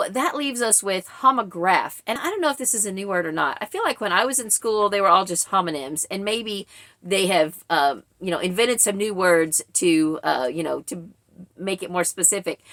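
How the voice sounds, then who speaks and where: A woman's voice: on the low side, fairly bright tone, no echo, clean studio sound. A woman in her forties giving casual vlog commentary as a book reviewer, chatty and explanatory, with frequent fillers.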